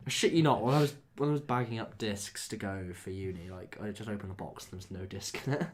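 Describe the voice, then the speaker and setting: A man's voice: fairly low pitch, fast talker. A young man co-hosting a podcast, rambling animatedly in casual chat. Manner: animated, rambling, full of "like" and laughs. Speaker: podcast co-host.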